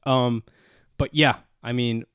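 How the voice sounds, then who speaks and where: A man's voice: medium pitch, steady tone, slow, fairly bright tone, smooth, no echo, studio quality. A man hosting a casual podcast, rambling, joking and reading a sponsor spot. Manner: laid-back, rambling, joking. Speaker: podcast host. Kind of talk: casual podcast chat with ad reads.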